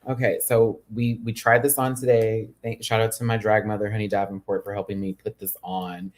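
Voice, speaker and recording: A man hosting a casual livestream chat as a drag performer, sassy and chatty, with sudden high-pitched exclamations. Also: level tone, brisk. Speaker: YouTube host and drag performer.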